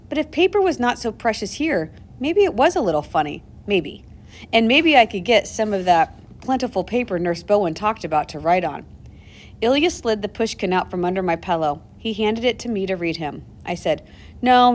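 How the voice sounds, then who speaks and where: A woman narrating a novel aloud in the first person, expressive and moving between hushed and urgent tones. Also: medium pitch. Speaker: audiobook narrator.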